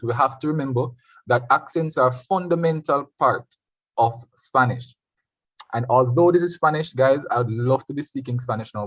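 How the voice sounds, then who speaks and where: A man's voice: mid-range voice, breathy edge, dry recording. A Jamaican man teaches a live online Spanish revision class, hopping between English and Spanish and firing questions at students. His voice sounds dry and a bit dull, like audio from a video call. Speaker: Spanish tutor.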